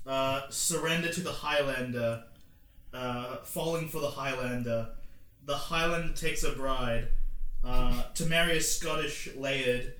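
Excitable young man in echoey room. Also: mid-range voice, measured pace. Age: young adult. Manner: laughing, swearing, excitable. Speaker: podcast host. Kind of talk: casual chat. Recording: echoey room, faint ambience.

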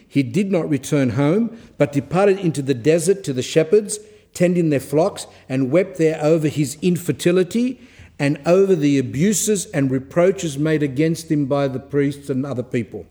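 A man with a mellow, fairly high voice gives a religious talk. He reads passages out slowly, then breaks off to explain them in quick asides. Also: lively intonation. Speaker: Orthodox speaker giving a talk. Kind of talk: reading aloud and explaining a saint's life in a talk.

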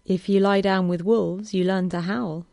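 Romance-story love interest: a woman playing a gentle, teasing young man, slow and soft, dry recording. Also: mid-range voice, fairly even intonation, gravelly, no echo. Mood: playful.

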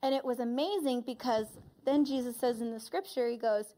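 A woman's voice: on the high side, fairly quick, hardly any pauses, mellow. A woman church leader preaching a sermon, earnestly retelling a vision and reflecting on it.

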